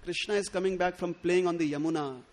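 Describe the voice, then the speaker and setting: A man giving a sermon, acting out the quoted lines with stammered restarts. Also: fast. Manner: expressive, acts out quoted lines with rising pitch and stammered restarts. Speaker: speaker giving a scriptural discourse.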